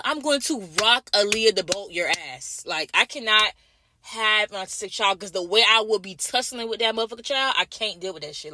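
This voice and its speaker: A woman's voice: medium pitch, sharp tone. A woman from Jamaica in a casual vlog, ranting bluntly and profanely, repeating her points over and over. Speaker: vlogger.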